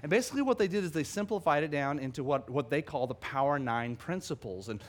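Animated preaching man, slightly high voice. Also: fast talker. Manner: animated storytelling with many restarts. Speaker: pastor. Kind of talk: sermon.

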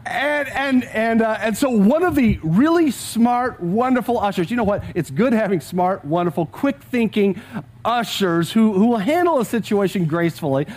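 A middle-aged male pastor delivers a sermon in a notably high voice. He tells a story to his congregation, often repeating words and chuckling as he talks. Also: animated, normal speed, a little mellow. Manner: storytelling, with frequent word repeats; chuckles often while talking. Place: church service with a live congregation.

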